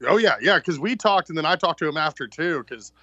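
Easygoing male radio co-host, bright dry voice, slightly dull audio. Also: a little high, animated, fairly quick, no room sound. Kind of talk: casual radio chat.

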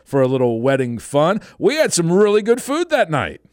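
Man, radio host, casual rambling chat, lively pitch, dry studio sound. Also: moderate pace, no room sound.

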